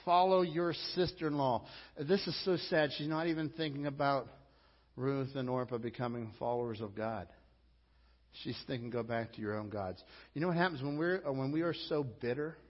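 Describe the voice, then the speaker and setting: A man's voice: mid-range voice, moderate pace. A male pastor delivering a sermon in an emphatic, conversational way. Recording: lo-fi with long hall reverb.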